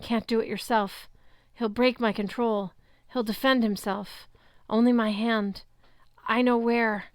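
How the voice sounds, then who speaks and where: A woman's voice: on the high side, steady tone, unhurried, smooth, no echo, natural voice. Desperate pleading young man, voiced by a woman. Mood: strained. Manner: pleading, strained.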